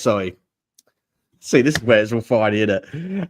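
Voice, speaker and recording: Man, podcast host, casual chat, playful, laughing, middle pitch. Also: animated, normal speed. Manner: chatty, laughing, mimics accents.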